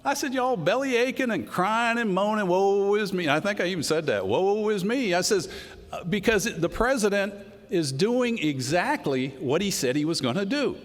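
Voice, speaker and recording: A man's voice: sits high, expressive, moderate pace. A middle-aged man giving a folksy, unscripted political speech, telling stories to a crowd. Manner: folksy, storytelling, says y'all. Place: large hall before a crowd. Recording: hall reverb with crowd.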